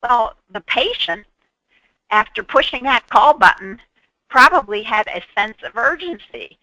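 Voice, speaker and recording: A woman's voice: fairly high pitch, expressive, measured pace, pushed and bright, dry recording, muffled recording. A woman presenting an instructional webinar on patient care, explaining through worked examples and briefly acting out what people might say.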